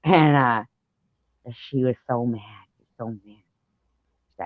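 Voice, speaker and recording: A man's voice: mid-range voice, slow pace, no room sound, phone-quality sound. A man hosting a live stream, rambling through a story in casual chat with lots of fillers and the odd swear word.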